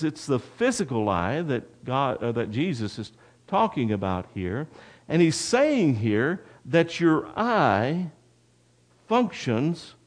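A male pastor delivers a sermon in a lively, swooping voice that sits a little high for a man. He speaks slowly and leans in toward his listeners with a folksy, direct manner, drawing out an anecdote. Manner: folksy, addresses the congregation directly. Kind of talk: sermon with storytelling.

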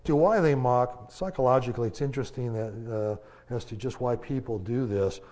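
Mellow-voiced man preaching casually. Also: mid-range voice. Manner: conversational, halting, many fillers and restarts; folksy, joking aside. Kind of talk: casual sermon.

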